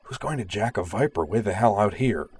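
Male reader as a scared middle-aged tech, hushed and jittery, pitched a bit higher. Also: expressive, brisk, husky. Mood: scared whisper. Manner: frightened whispering.

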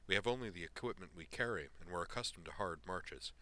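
A stern woman soldier with a clipped, formal way of speaking, as a man reads her lines. The voice sits low and dark yet comes across bright and forceful. It is storybook reading rather than full acting. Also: lively intonation, fast talker, exaggerated voice.

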